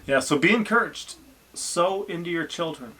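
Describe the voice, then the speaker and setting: A man's voice: on the high side, expressive, moderate pace, pushed and bright. A man, a family vlogger chatting casually and encouragingly about his children. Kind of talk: casual chat.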